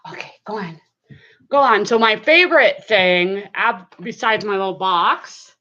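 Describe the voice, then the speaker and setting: A woman's voice: mid-range voice, expressive, a little slow, bright, forceful tone, lo-fi sound. A middle-aged woman chatting casually to camera from her home, rambling with many fillers. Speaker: vlogger.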